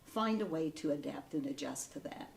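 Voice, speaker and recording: A woman giving gentle, encouraging advice to young graduates in a storytelling manner. Her voice sits a little low and reaches the mic from some distance in an echoey room. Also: expressive, moderate pace, vocal fry, a little hiss or hum. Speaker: ceremony speaker. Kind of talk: heartfelt advice speech.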